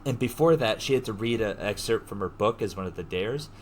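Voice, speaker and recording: Animated man retelling a story casually. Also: on the low side, fairly quick, slight background noise. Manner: animated, slangy retelling with frequent swearing. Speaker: podcast host. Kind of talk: casual chat.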